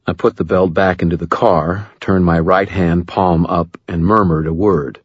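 A man narrating a first-person audiobook in a measured, low-key way. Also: steady tone, breathy edge, dry recording, highs cut off.

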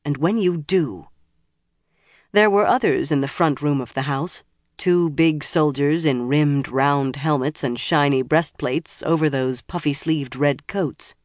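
Steady, dry audiobook narrator. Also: mid-range voice, a little slow, no room sound. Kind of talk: scripted fantasy narration.

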